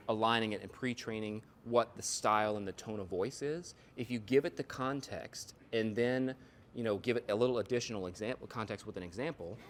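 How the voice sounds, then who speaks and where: A man's voice: on the low side, slight background noise. A man presenting a live workshop, explaining ideas through examples and analogies and checking in with "right?" and "you know". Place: workshop room.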